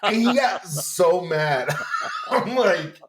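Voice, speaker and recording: Loud campy new york guy telling a story on a podcast, laughs a lot. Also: high-pitched, animated, drawn-out words, heavy background noise. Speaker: podcast guest. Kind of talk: animated storytelling.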